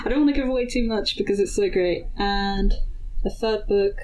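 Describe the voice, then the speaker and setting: A woman's voice: mid-range voice, normal speed, a little mellow, faint music behind, low-quality recording. A British woman who is a guest on a podcast, chatting in an enthusiastic, talkative way. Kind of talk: casual podcast chat.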